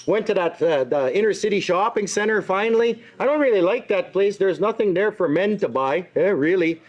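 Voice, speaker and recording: A man's voice: sits high, low-quality recording. A middle-aged man performing a stand-up set, telling stories with asides and "eh?" tags. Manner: storytelling with tag questions and asides, self-deprecating. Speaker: stand-up comedian. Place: indoor venue with live audience. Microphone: stage microphone on a stand.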